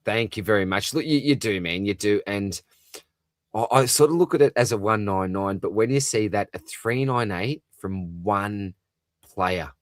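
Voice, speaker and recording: A man's voice: lowish voice, moderate pace, dry recording, clean studio sound. An Australian man hosting a live stream, chatting casually and upbeat as he reads out viewers' comments, laughing easily. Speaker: livestream host.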